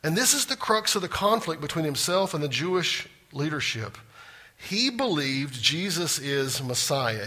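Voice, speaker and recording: A man preaching in a lively, swooping voice that keeps checking in with the congregation. His tone is bright and slightly husky. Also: medium pitch. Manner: animated, quizzes the congregation. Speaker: pastor. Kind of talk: sermon.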